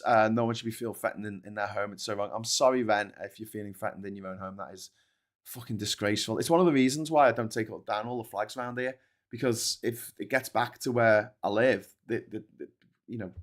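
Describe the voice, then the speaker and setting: A man hosting a live stream who rants and swears as he reads out viewer comments. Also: medium pitch. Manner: ranting, sweary, animated. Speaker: host.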